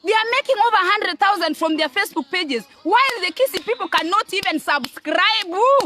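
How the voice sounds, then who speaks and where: Scolding Kenyan woman, high bright voice. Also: a little fast. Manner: scolding, emphatic, repeats words, asks "eh?". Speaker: online commentator. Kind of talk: ranting monologue to camera.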